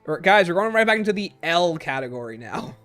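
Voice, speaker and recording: A man chatting casually on a gaming livestream, answering viewer comments and reeling off long lists in quick succession. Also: very animated, a bit bright, faint music behind. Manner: rapid-fire listing, sliding up and down in pitch.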